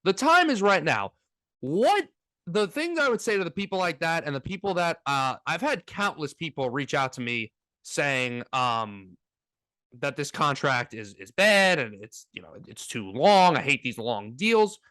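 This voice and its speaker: A man's voice: on the high side, sing-song, a little slow, sharp tone, no echo. A man co-hosting a casual sports talk podcast, ranting with energy and mocking fans in put-on voices.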